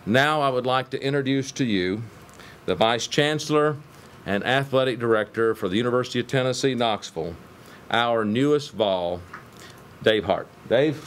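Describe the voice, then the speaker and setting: A middle-aged man serving as university chancellor who gives a measured, formal introduction at a press conference, with touches of light humor. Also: mid-range voice.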